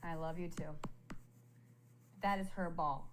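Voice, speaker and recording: A woman's voice: fairly low pitch, a little slow. A woman, a mother at home, patiently coaxing her toddler in short simple phrases during a casual home video. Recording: roomy home with steady background noise.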